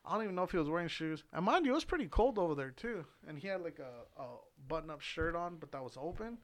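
Fast and animated, a young man with a fairly high-pitched voice tells a long story while co-hosting a podcast. He rambles, curses, fills the gaps with fillers, and laughs a lot in the casual conversation.

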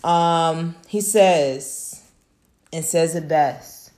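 A woman's voice: low voice, drawn-out words, darkish tone. A woman hosting her own podcast, wrapping up a solo episode in a laid-back, profane, affirming way. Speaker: podcast host. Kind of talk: casual solo podcast wrap-up.

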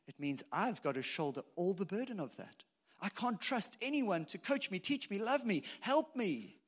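Male pastor, high voice, chatty sermon delivery with rhetorical questions. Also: very animated, moderate pace, slightly rough. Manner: conversational preaching full of rhetorical questions and asides.

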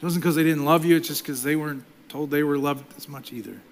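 A middle-aged male pastor preaching a sermon, swinging between loud emphasis and soft, near-whispered passages. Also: a little high, steady tone, fast, a little hiss or hum.

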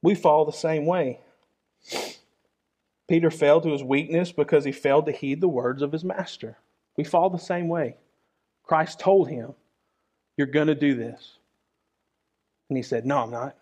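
A man preaches a sermon, his voice sitting a little higher than most men's. He talks to the congregation earnestly and conversationally and keeps circling back to the same phrases. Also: a little slow, long pauses, darkish tone, husky.

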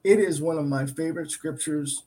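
A man's voice: on the high side, normal speed, mellow. Earnest man teaching Bible on talk show. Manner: earnest, emphatic, with restarts and repetitions. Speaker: Christian talk show co-host. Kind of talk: Bible teaching in casual chat.

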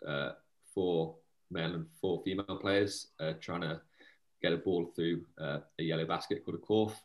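Young man, very deep voice, keen, hesitant with fillers, casual interview. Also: rough recording. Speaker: university player and committee member.

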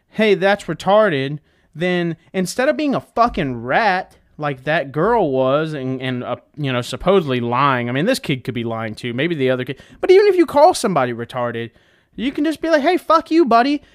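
A young man giving a heated, profane, rambling monologue, full of fillers and restarts. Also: a little high. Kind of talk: casual ranting monologue.

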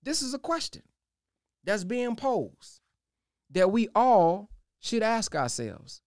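A man's voice: sing-song, slow, no room sound, clean studio sound. A man preaching a sermon emphatically, posing rhetorical questions to his listeners. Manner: emphatic, rhetorical questions, pitch swinging widely.

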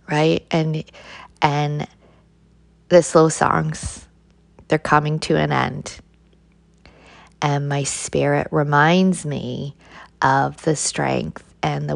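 A woman with a low, gravelly voice delivers a fiery motivational monologue, swearing freely and stressing her words. She speaks slowly and deliberately, often throwing in a rhetorical "right?" for her listeners. The recording is dry and close. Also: no room sound. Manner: intense, heavily profane, emphatic; rhetorical "right?" asides to the audience. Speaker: vlogger.

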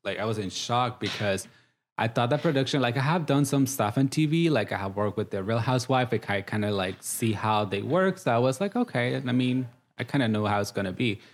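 A man's voice: mid-range voice, expressive, fairly quick. Chatty thirty-year-old man, English. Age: 30s. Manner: chatty and warm, with many "like" fillers. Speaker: guest. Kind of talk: casual interview.

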